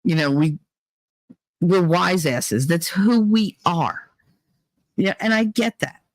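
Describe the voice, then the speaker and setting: A woman's voice: fairly low pitch, expressive, slow, no echo. A woman hosting a livestream, reading out chat and talking things through in a candid, joking way, her voice a little worn. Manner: candid, joking, drifts between reading chat and musing aloud. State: tired, voice worn.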